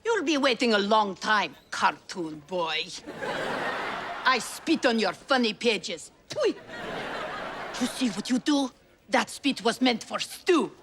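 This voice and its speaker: A woman's voice: a little high, sing-song, slow pace. An actress playing a grumpy cafeteria lunch lady who speaks broken English in a sitcom. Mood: scornful. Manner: broken English, gruff and indignant. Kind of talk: sitcom acting. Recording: background noise.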